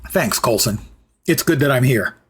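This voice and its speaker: A man's voice: medium pitch, expressive, moderate pace, husky. Man giving wry gameplay commentary. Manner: chatty, wry asides and jokes. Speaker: streamer.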